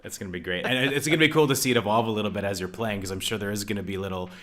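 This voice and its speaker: Upbeat male podcast host, low-set but bright tone, chatty and laughing. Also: rapid-fire. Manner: enthusiastic, laughs often, says "man" a lot. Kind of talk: casual interview chat.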